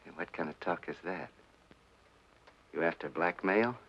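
A man's voice: low voice, measured pace, creaky, a bit bright, slightly rough, heavily acted. An actor playing a nervous small-time gangster who talks in defensive tough-guy slang, in 1940s film style. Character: jittery small-time male gangster, boastful then panicky. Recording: muffled 1940s film soundtrack with faint score.

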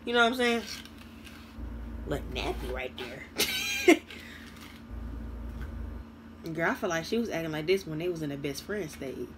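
A woman's voice: low-pitched, wildly swooping pitch, measured pace, long pauses, background noise. A woman casually commenting on a video she is watching, sassy and chatty, laughing often. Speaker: reaction video host.

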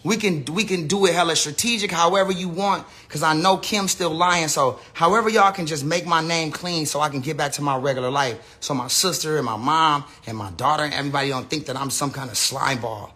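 A man's voice: on the high side, fairly quick, few pauses, pushed and bright. A man ranting unscripted to his viewers, profane and rambling, often restarting his sentences. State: says he is high. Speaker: person telling his side of a story.

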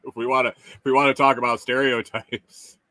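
On a casual live stream, a middle-aged man reads chat comments aloud, chuckling and teasing viewers while stopping and restarting his sentences. His mid-range voice is flat in delivery and sharp in tone, with no echo.

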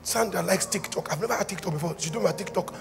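A man's voice: sits high, fast talker, vocal fry. A middle-aged man preaching a sermon, joking and acting out little dialogues as he goes. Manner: animated, jokey, shouts and acts out dialogue. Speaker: pastor. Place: large church hall. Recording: hall reverb with faint ambience.

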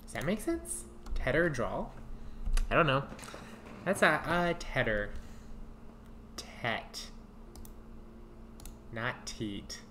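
A woman streaming a game, thinking out loud in a casual, musing way, trying out names and giggling between thoughts. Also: low-pitched, sing-song, slight background noise. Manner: muses aloud, trying out names, quick to giggle. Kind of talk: casual gameplay commentary.

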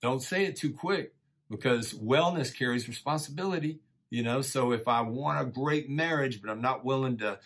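A middle-aged man teaching a church lesson in a relaxed, folksy way, encouraging listeners and often saying "man" and "you know.". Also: mid-range voice, moderate pace, slightly rough. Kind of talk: casual conversational sermon.

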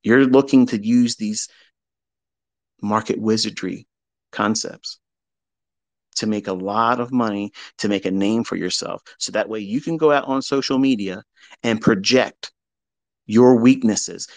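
A man's voice: medium pitch, unhurried, no echo. A middle-aged man giving a candid motivational talk as a trading mentor, blunt and profane, mixing heavy emphasis with confessional reflection.

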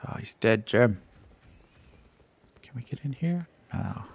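A man's voice: medium pitch, animated, slow, gravelly, slightly rough. A man teasing and joking playfully while playing a co-op game on stream. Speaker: co-op gamer on stream. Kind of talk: casual gaming banter.

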